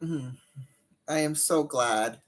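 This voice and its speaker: A woman's voice: low-pitched, slow pace, slight background noise. A woman chatting casually on a live stream while doing her makeup, rambling and greeting viewers by name.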